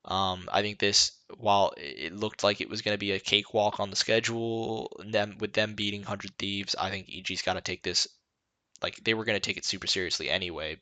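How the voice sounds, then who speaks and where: A young man talks through an esports match on his own podcast, tired and rambling, full of fillers and restarts. His voice sits low but comes out bright and forceful. The sound is dry and close. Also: dry recording. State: tired, yawning. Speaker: podcast host. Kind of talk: solo esports podcast analysis.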